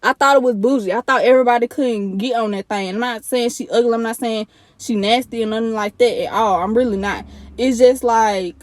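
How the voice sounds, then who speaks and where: A young woman is telling a storytime vlog in casual, blunt talk, swearing and acting out each side of the argument. Her voice sits a little high. The sound is close and dry. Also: brisk, no echo. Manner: blunt, animated, swears freely, quotes people in bursts. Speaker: vlogger.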